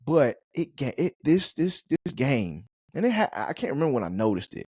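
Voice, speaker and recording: Lively slangy man co-hosting a podcast. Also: medium pitch, normal speed, breathy edge, no room sound, clean studio sound. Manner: animated, slangy, laughing storyteller. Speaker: podcast co-host. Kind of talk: casual chat.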